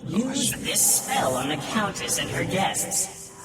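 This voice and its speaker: An actor playing a mischievous, scheming male daedric prince of revelry in a video game, with a whiny voice and a slow, drawn-out delivery. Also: high voice, very animated, exaggerated voice. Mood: scheming, amused. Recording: roomy, distant voice over loud game music. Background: loud game music.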